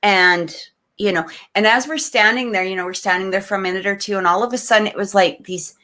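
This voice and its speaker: A woman co-hosting a casual podcast chat tells a story with feeling, jumping back and forth in her sentences. She speaks at a middling pitch, hurries through some phrases and slows down on others. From Canada. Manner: animated, emotional, many restarts and fillers. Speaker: podcast co-host.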